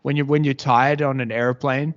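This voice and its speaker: A man's voice: medium pitch, steady tone. Podcast host guy, rambles and stops and restarts a lot, kinda muffled lo-fi audio. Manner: rambling, halting, many restarts. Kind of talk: casual podcast chat.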